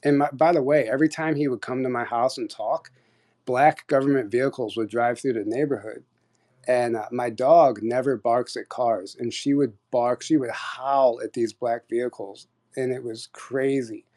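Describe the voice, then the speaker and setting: A man telling a long personal story on an audio chat, rambling and animated, with many fillers and restarts. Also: medium pitch, normal speed. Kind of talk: casual storytelling.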